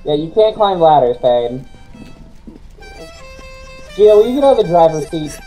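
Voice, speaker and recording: A man's voice: fairly high pitch, very animated, unhurried, warm tone, faint music behind, rough recording. A man guiding his friends through a co-op game, giving scattered directions. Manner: directive, scattered, laughs often. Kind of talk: casual co-op game chat.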